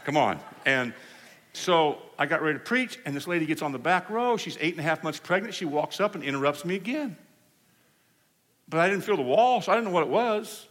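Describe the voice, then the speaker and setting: Man preaching in an echoing hall. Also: a little high. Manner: animated storytelling, acting out quoted voices. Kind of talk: storytelling sermon. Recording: hall reverb.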